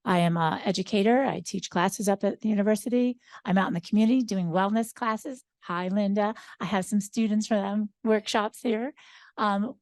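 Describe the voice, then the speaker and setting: An older woman speaks upbeat on a seminar panel, with frequent ums. Her voice has a gravelly, creaky edge. The sound is dry and close. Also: mid-range voice, normal speed, darkish tone, no echo. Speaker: social psychologist, educator.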